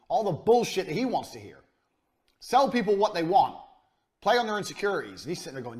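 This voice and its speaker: A man's voice: a little high, sing-song, quick pace, darkish tone. A man giving a business lecture to a live audience, blunt and profane, hammering his points home through repetition. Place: university lecture room.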